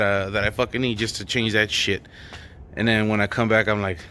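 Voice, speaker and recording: A man's voice: lowish voice, fairly even intonation, brisk, sharp tone, slight background noise. A man chatting casually and rambling with lots of swearing as he vlogs his own car exhaust repair, mocking himself along the way. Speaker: DIY car vlogger. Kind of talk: casual vlog narration while working on a car.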